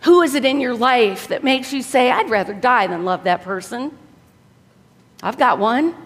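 An earnest woman preacher exhorts her listeners, with her voice pitched a little high. She often drops to a soft tone to land a point. Her words ring out under a long hall reverb. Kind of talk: sermon.

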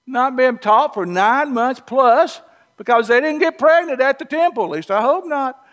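A man's voice: very high voice, animated, normal speed, a bit bright. A man with a Southern US accent preaching a sermon in a folksy, conversational storytelling way with humorous asides. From Southern US, North Georgia or North Alabama.

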